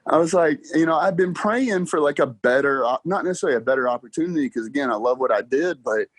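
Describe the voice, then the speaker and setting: A man's voice: a little high, quick pace, no echo. A young man, telling stories in a casual interview, acting out dialogue and laughing often. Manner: animated storyteller, acts out dialogue, laughs often. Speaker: podcast guest, car salesman.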